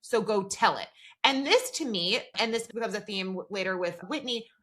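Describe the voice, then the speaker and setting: A woman co-hosts a podcast in an animated, mid-range voice at normal speed with a fairly bright tone. Her casual talk involves retelling scenes and reading out dialogue, and "like" fills many of her sentences.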